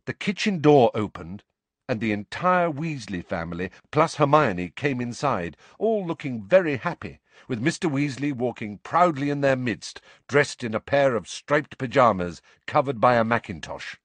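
A man's voice: medium pitch, big pitch swings, moderate pace, fairly bright tone, no echo. A man narrating an audiobook expressively, voicing each character himself.

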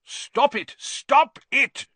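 A man voicing a flustered, impatient middle-aged bookshop manager who talks briskly and excitably, read for a storybook. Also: fairly low pitch, no echo. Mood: exasperated.

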